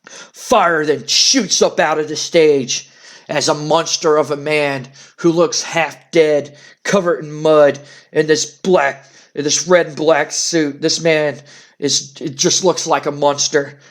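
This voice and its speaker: A man's voice: on the high side, steady tone, slow pace. A man dramatically narrating a wrestling simulation playthrough, play-by-play style. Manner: storytelling play-by-play, hyping announcements. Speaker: game narrator.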